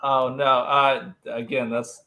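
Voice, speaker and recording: A man on a home mic gives his view on a casual stream panel. He has a middle-pitched voice and an easy, hedging way of talking, full of "like" and "you know.". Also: flat delivery, slow pace, pushed and bright. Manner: laid-back, hedging, says "like" and "you know" a lot.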